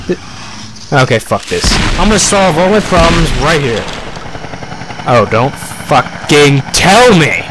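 A young man talking through a game in character, swearing and sarcastic with sudden excited outbursts. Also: a little high, unhurried, long pauses. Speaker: gamer playing a paranoid character. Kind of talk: in-character gameplay commentary. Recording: game gunfire noise behind voice.

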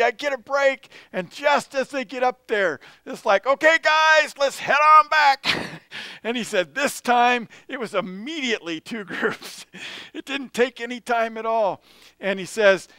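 Bright, clear-voiced male preacher. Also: high voice, no echo. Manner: storytelling, animated, chuckles between anecdotes. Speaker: pastor. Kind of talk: sermon with personal stories. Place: church sanctuary.

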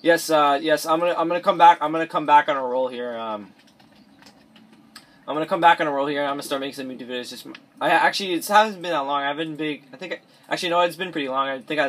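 In his bedroom, a teenage boy with a fairly high-pitched, slightly bright male voice rambles through gameplay commentary for a let's play. He frequently restarts sentences and mumbles asides, using a cheap or device mic.

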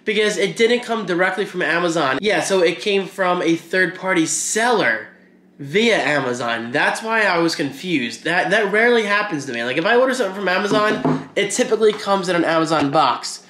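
Bright-voiced man chatting casually. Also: high-pitched, expressive, moderate pace. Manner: rambling, self-deprecating, chatty. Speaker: vlogger. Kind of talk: casual daily vlog chat.

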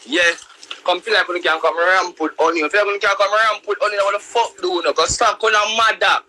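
A young man speaks in a thick Jamaican accent, ranting on a live stream with a steady stream of patois curses. His voice is pitched a little high and sounds very bright and cutting. A faint hiss sits under the recording. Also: fast, rough recording. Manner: profane, loud-mouthed patois ranting. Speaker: livestreamer. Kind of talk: casual live-stream rant.

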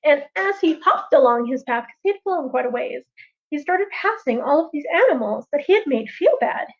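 A woman storyteller telling a traditional tale on a livestream in a lively, chatty way, with casual asides. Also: high voice, normal speed. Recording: dull lo-fi livestream audio.

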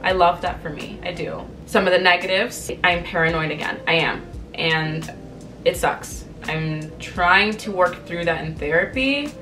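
A Canadian vlogger in her twenties talks candidly to camera, telling a story and acting out quoted lines with lively energy. Her voice is lowish and a little slow, picked up by a mic set back from her, with soft music faintly underneath.

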